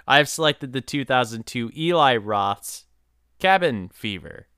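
A man co-hosting a casual podcast, with hesitant restarts and energy that starts high and quickly drops off. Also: pushed and bright, smooth, no room sound, clean studio sound. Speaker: podcast co-host. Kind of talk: casual chat.

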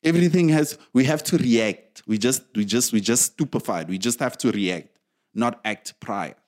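A South African man ranting in casual commentary, angry and emphatic, with many restarts, loud outbursts and low mutters. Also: moderate pace.

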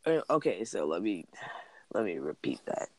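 A man's voice: sits low, big pitch swings, moderate pace, no echo. A man in casual chat, rambling through school stories with lots of "like" and "um". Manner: rambling, heavy use of "like" and "um".

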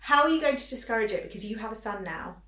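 A woman's voice: on the high side, expressive, bright, forceful tone, distant mic. Chatty woman, roomy and off-mic. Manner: chatty, quick-witted, teasing. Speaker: podcast co-host. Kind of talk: casual chat.

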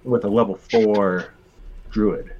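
A man's voice: fairly low pitch, fairly even intonation, slow pace, a little mellow, lo-fi sound. A man playing in a tabletop game podcast, casual, swearing and trailing off. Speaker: player.

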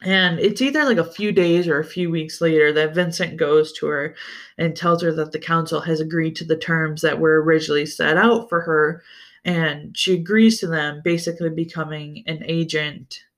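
An unhurried, mid-pitched podcast host talks casually about a book series on their own. They swear freely and get excited, often stumbling and starting sentences over. The delivery stays slow and drawn out throughout. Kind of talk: casual solo book-review chat.

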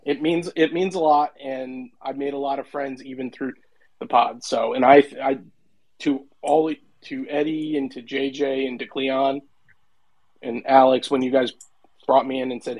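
A man's voice: mid-range voice, steady tone, moderate pace, a little mellow, poor audio. A man chatting on a podcast as a regular, talking earnestly and at length. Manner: long-winded, earnest. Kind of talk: casual podcast chat.

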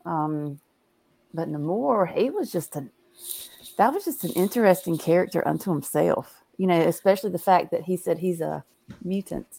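A woman's voice: on the low side, lively intonation, normal speed, gravelly, dark tone, breathy edge. A woman co-hosting a podcast, thinking aloud in casual chat with lots of fillers. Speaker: podcast co-host.

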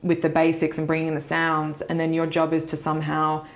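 Australian actress guest in her thirties, candid and chatty, low-ish voice, laughs easily. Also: monotone, a little fast. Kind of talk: casual podcast interview.

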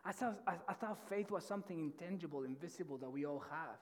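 Male pastor, high voice, fervent sermon delivery with lots of restarts; long hall reverb. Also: fast talker. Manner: passionate, fervent preaching; repeats words and restarts often. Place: church auditorium.

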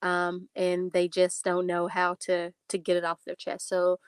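A woman hosting an interview, asking calm, measured questions. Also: on the low side, clear, resonant tone, no echo. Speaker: podcast host.

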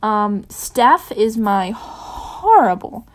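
Softly reading woman. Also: fairly high pitch, very animated. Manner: soft, unhurried reading; chatty with many ums in the afterword. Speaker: fanfiction reader. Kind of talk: audiobook narration of fan fiction.

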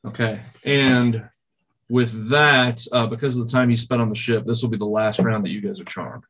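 A man's voice: medium pitch, fairly even intonation, fairly bright tone. Laid-back man running a tabletop game. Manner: laid-back, laughs easily, halting with ums. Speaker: game master.

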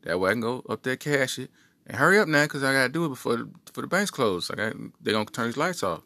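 A man's voice: medium pitch, expressive, fast talker, bright, forceful tone, dry recording. A man voicing a stern, insistent mother who demands her son's paycheck. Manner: bossy, insistent.

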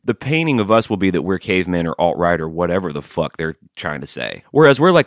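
A man co-hosting a podcast, making a heated, argumentative case. His fairly low voice moves widely in pitch. The recording is dry and close. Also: expressive, fast, few pauses, no echo. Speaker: podcast co-host. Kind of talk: casual podcast chat.

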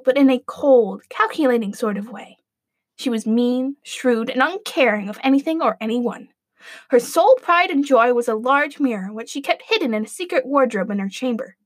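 Wry, expressive woman storyteller. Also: a little high, no room sound, studio quality. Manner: wry, playful, deadpan asides. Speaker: storyteller and show host. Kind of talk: comedic fairy-tale narration.

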